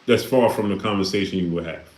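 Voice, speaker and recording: Man hosting a livestream, low voice, preachy and repetitive, echoey room. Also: fast talker, a little mellow. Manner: preachy, repeats himself, rhetorical questions. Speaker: live stream host reading Super Chats. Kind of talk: casual livestream talk.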